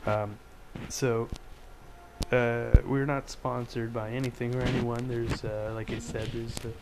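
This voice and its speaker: A man's voice: mid-range voice, flat delivery, measured pace, music in the background, rough recording. A man hosting a casual podcast, ranting sarcastically about news headlines with a rambling, filler-heavy delivery. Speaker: podcast host.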